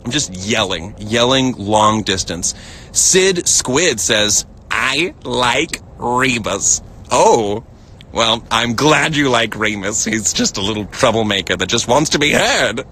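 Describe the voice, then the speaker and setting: A playful American man chats through a phone live stream, reading viewer comments out loud. His voice is bright and forward, and he keeps giggling and leaping up into a squeaky register for the jokes. He sounds relaxed, like he is talking from outdoors. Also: slow, a little hiss or hum. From United States. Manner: playful, giggly, jumps up into a high voice when joking. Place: outdoors, lounging in a field.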